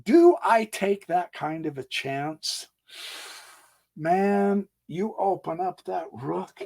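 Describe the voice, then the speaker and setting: A man walks through a chess game on a physical board in a folksy way, thinking out loud and dropping homey exclamations. His pitch sits a touch high and swings widely. He talks slowly, jumping between hushed asides and emphatic outbursts. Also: expressive, creaky. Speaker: chess channel host.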